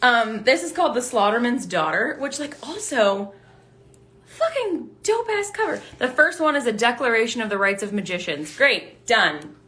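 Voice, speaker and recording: A bright, forceful young woman talking through a book haul in an easy, chatty way. She gets excitable and swears freely as she reads out book blurbs, her voice sitting a little high. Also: moderate pace. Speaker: book vlogger. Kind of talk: casual book haul chat to live viewers.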